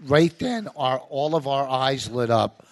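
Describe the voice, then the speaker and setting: A middle-aged man, a comedian co-hosting a podcast, telling club stories in a lively way and laughing mid-sentence. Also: mid-range voice, measured pace, a little hiss or hum. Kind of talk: casual podcast chat. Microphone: studio microphone.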